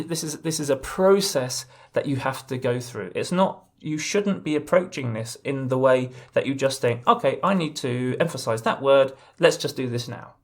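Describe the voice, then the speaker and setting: Gravelly male legal English teacher. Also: mid-range voice. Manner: explanatory, repeats and restarts phrases. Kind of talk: online lesson.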